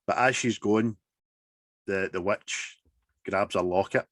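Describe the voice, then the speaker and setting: A man, casually recapping a horror film in sweary, animated chat. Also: lowish voice, slow pace, no room sound.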